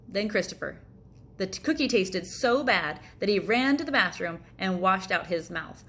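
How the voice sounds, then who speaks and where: A woman's voice: medium pitch, a little slow. Playful woman reading a storybook aloud. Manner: playful, animated sound effects. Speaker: storyteller for children.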